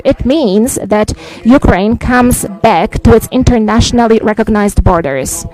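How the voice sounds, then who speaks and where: Polish-accented man giving a measured press statement. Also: high voice, animated, a little mellow, low-quality recording. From Poland. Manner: deliberate, emphatic, frequent "uh" hesitations. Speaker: visiting head of state.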